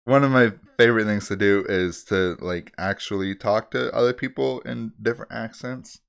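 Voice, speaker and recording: A man's voice: lowish voice, normal speed, gravelly, clear, resonant tone. A man co-hosting a podcast, chatting casually and laughing now and then. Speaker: podcast co-host. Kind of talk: casual chat.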